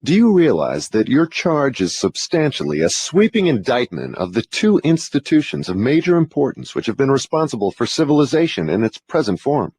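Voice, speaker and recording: A man's voice: medium pitch, big pitch swings, moderate pace, hardly any pauses, a little mellow, slightly rough, no room sound. A man playing a formal, demanding interrogator who questions with insistence in an audiobook dramatization. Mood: probing.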